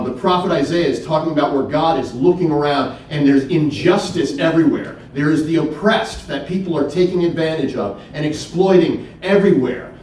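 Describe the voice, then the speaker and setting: A man's voice: a little high, a little mellow, slight background noise. A middle-aged man giving a faith-based keynote talk, telling stories in an earnest, emphatic way with repeated words. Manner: earnest, storytelling, emphatic repetition. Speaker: keynote speaker. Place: church hall. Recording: echoey hall from far off.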